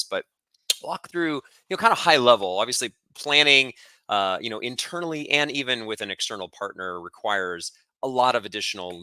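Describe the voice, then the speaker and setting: Low, dry-voiced man hosting a webinar. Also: sharp tone, no echo. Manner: friendly, jokey, self-deprecating. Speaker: webinar host. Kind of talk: webinar interview.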